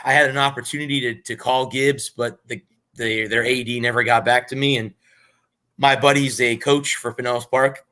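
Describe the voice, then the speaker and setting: A man's voice: medium pitch, steady tone, moderate pace, pushed and bright. A man from Florida, reflective and candid as he tells his own story in a casual chat. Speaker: co-host, aspiring announcer.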